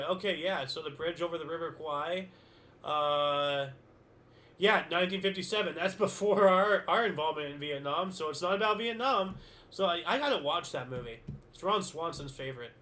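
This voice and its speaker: A man's voice: fairly high pitch, sharp tone. A man hosting a casual history stream, reading dates aloud and then musing to himself in loose, rambling asides. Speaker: history show host. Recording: faint background music.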